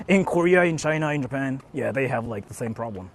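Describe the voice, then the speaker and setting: A man's voice: medium pitch, animated, a little fast, slight background noise. A young man walking around outdoors and chatting loosely with his live-stream viewers, filling his talk with "like" and restarts. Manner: loose, rambling, heavy on "like" fillers.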